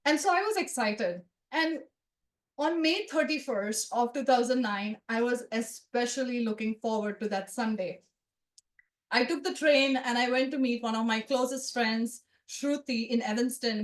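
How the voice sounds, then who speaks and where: A woman around forty telling a personal story to a live audience, conversational and animated, with asides to the listeners. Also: fairly high pitch, reverberant. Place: event room with a live audience.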